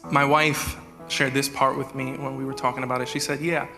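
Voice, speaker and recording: Animated male pastor preaching in a hall. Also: mid-range voice, fairly quick. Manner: animated, acts out prayers in a raised voice. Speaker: executive pastor. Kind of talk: sermon. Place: church hall. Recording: live church hall with reverb and music.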